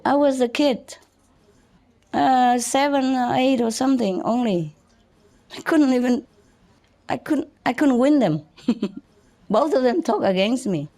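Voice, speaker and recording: A woman's voice: fairly high pitch, lively intonation, mellow. Laughing woman telling stories. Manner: halting, many restarts and chuckles. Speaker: spiritual teacher. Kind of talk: personal storytelling to an audience.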